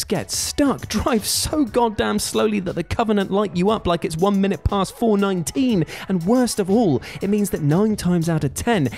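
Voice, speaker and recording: A man's voice: high-pitched, darkish tone. A man giving a sweary, sarcastic scripted comedy voice-over as a video host.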